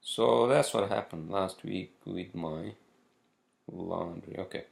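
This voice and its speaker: Brief: male solo host, gravelly voice, loose profane rambling. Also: low voice. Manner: rambling, profane, halting with fillers. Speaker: podcast host. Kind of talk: casual solo monologue.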